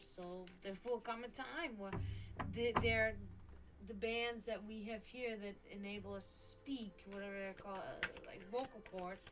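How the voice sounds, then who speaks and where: A stream host doing live tarot readings speaks in a medium-pitched voice over background noise. She's chatty and casually profane, and between readings she turns to her pets, cooing baby talk at her cat.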